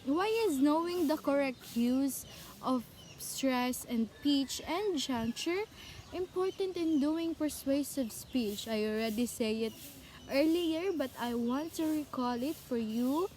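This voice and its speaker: A woman's voice: high voice, expressive, slow pace, a little mellow, a little hiss or hum. A young adult woman teacher with a Cebuano accent, giving an online class lecture and often repeating herself and quizzing the class. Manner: repetitive, self-correcting, asks the class questions.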